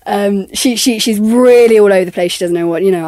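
Lively woman stumbling through a description. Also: mid-range voice, a little fast, hardly any pauses, no echo. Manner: lively, repeats words, acts out quotes. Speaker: actress. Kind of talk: interview soundbite.

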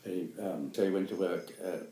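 A man's voice: sits low, fairly even intonation, quick pace, mellow, reverberant, slight background noise, rough recording. Elderly New Zealand man, rambling. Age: 80s. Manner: rambling, chuckling, self-correcting. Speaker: guest actor. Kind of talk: reminiscing interview.

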